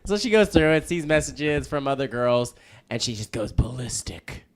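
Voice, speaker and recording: A young man swaps loose, laugh-filled stories in an easy chat. He mocks himself, rambles, and lets his voice swing up and down in lively jumps. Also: mid-range voice, moderate pace. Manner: rambling, laughing, self-mocking. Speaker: podcast guest, band frontman. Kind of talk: casual storytelling chat.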